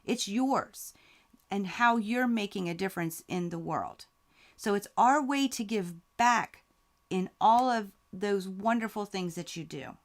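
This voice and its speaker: A woman's voice: medium pitch, a little slow. A woman hosting a live quilting Q&A stream, talking heartfelt and grateful while reading out viewer comments, close to tears. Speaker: quilting channel host.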